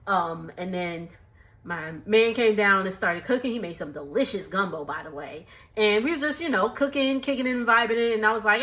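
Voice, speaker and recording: A woman's voice: mid-range voice, fairly quick, fairly bright tone, dull audio. A young woman casually recapping a TV episode from her kitchen, chatty and laughing often, with slangy speech. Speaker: recap vlogger. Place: home kitchen dining area.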